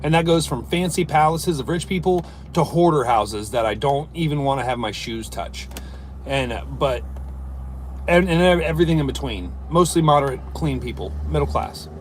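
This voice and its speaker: A man's voice: a little high, expressive, normal speed, slight background noise. A man who works as a service plumber chatting casually on a live stream from inside his work van, reading viewer comments and joking loosely.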